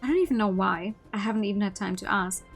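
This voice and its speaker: A woman streamer narrating a story game in the first person, with an even, mid-pitched voice. Her reading is expressive, with occasional stumbles and restarts. Music plays clearly behind her. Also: quick pace, low-quality recording. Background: background music.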